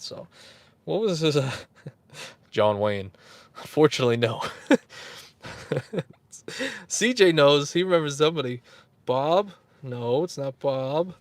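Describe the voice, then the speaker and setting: A man's voice: medium pitch, lively intonation, moderate pace, long pauses, dry recording. Chuckling male livestream host, dry sound. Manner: rambling, chuckling, answering chat. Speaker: YouTube host. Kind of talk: casual livestream chat, quizzing viewers.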